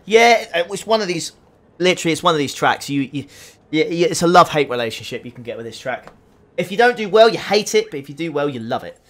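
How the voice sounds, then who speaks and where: His voice runs on the high side, animated and quick-paced. He's a young streamer playing a racing game at home, chatty as he reads out and answers chat messages mid-drive, using a desk USB condenser mic.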